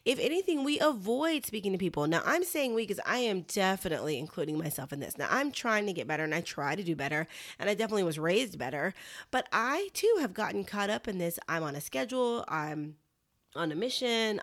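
A middle-aged woman with a lilt talks straight to her listeners, earnest and candid, calling them "you guys." Her voice is recorded dry and close, with no room sound around it, and her pitch sits at an ordinary middle height for a woman. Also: sing-song, brisk, fairly bright tone, dry recording. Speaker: vlogger giving encouragement. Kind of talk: casual heartfelt talk to camera.

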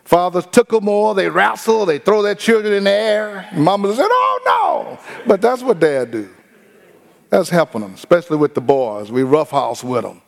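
Male pastor, animated and funny, acts out other people's voices, pitched a bit high. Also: moderate pace, gravelly. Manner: lively preaching with humor and mimicked voices. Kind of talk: sermon.

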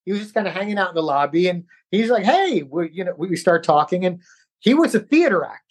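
A man's voice: high-pitched, fast. A middle-aged man from New York, an actor guest, telling stories in a casual interview and acting out the voices of people he quotes. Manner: animated, acts out quoted voices.

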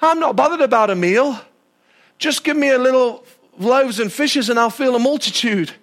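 A patient, gentle grown man pleads slowly, stretching out his words, as a preacher puts him on. The voice sits very high for a man. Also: animated, full character voice.

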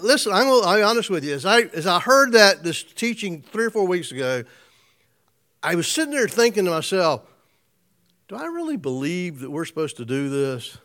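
A man's voice: sits high, lively intonation, a little fast, a bit bright. A man preaching an informal sermon to a small group, conversational, restarting phrases and chuckling often. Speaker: pastor.

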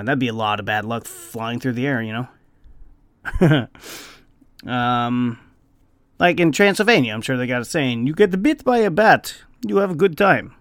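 A man casually telling a story on his vlog. He swears freely and breaks into squeaky bird noises. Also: fairly bright tone, dry recording. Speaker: vlogger.

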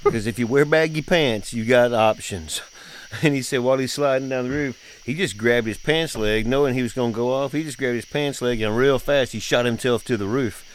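Speaking a little fast at medium pitch, this middle-aged father and podcast host chats casually through family stories. His delivery is folksy and drawling with frequent laughs. A little hiss or hum comes through.

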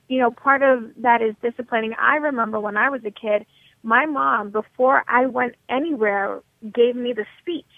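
A woman from New York in her thirties, a motivation coach talking as a radio guest in a blunt, energetic, straight-talking way over the phone. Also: a little high, no room sound. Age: 30s. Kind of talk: radio interview. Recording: tinny phone line, dry.

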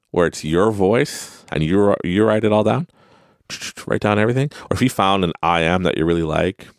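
A man's voice: deep voice, no echo, studio quality. A man hosting a podcast, talking casually about self-help and laughing at his own rambling stories. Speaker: podcast host.

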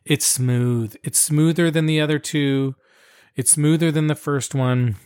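A man's voice: fairly high pitch, fairly even intonation, unhurried, darkish tone, smooth. A man co-hosting a casual wine-tasting chat, enthusiastic and given to repeating himself as he talks. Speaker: wine podcast co-host.

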